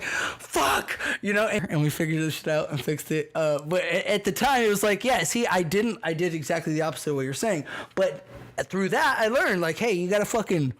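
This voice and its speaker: High-voiced, profane man. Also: a bit bright. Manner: profane, rambling storyteller, heavy slang. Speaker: podcast guest. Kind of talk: casual podcast conversation.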